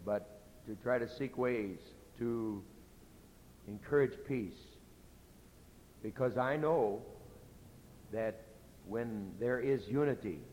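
A middle-aged pastor preaching in a church, earnest and conversational, going soft and low when he tells of his own mistakes. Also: takes it slowly, pauses often, highs cut off. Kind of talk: sermon. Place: church sanctuary. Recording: echoey hall with faint rumble.

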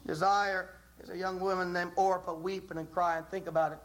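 Male preacher, high tenor voice, fervent and repetitive delivery, sermon style. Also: flat delivery, normal speed, low-quality recording. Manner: impassioned, repetitive, with dramatic rises.

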